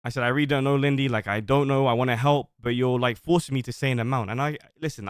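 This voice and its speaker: A man's voice: mid-range voice, fairly even intonation, fast talker, clean tone, no echo, studio quality. A man on a livestream reading out old messages and defending himself, rambling at length. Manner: defensive, rambling, reads screenshots aloud. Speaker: streamer.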